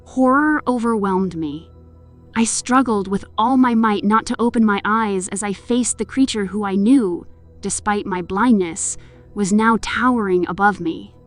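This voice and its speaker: A woman's voice: medium pitch, a little slow. A woman narrating a horror story and voicing the heroine with emotion. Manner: emotional, voices the heroine's pleading lines. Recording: music in the background.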